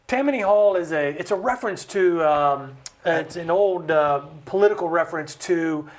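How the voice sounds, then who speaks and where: A man speaking as a studio guest, explaining with passion, in an animated way with jokey asides. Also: fairly high pitch, normal speed. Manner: animated, acts out quoted voices, jokey asides. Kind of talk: impassioned conversational explanation. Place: recording studio.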